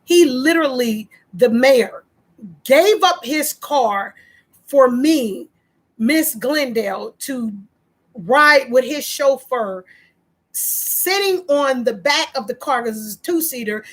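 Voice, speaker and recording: A woman's voice: sits high, animated, takes it slowly. A woman in her thirties venting emotionally in a personal vlog, tearful and repeating herself as she talks. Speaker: vlogger.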